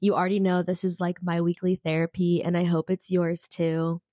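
A woman hosting a casual self-help podcast. She is sick with a cold and talks in an energetic, peppy way close to the mic, with frequent mild slang. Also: lowish voice, moderate pace, no room sound. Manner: energetic, peppy, says frickin' a lot. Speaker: podcast host. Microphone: studio podcast mic.

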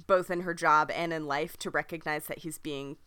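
A woman co-hosting a casual podcast chat, speaking in a giggly, relaxed way. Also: low-pitched, normal speed, clean tone, no room sound. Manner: giggly, casual, says dude. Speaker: podcast co-host.

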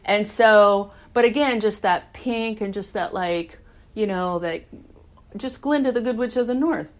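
A middle-aged woman giving a candid, animated personal recovery talk, swearing freely. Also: mid-range voice, unhurried. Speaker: recovery speaker.

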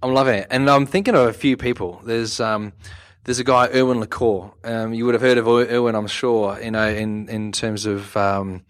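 A man's voice: lowish voice, steady tone, moderate pace, smooth. A man co-hosting a podcast, chatting casually and joking with plenty of fillers, recorded at a conference. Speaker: podcast co-host. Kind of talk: casual interview chat. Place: conference venue.

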